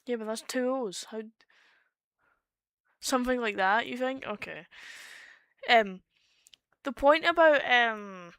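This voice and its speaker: A woman's voice: a little high, slow pace, pauses often, a bit bright, clear, resonant tone, no room sound, studio quality. A woman with a Scottish accent chatting casually on a voice call, explaining her points with fillers and restarts. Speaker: streamer.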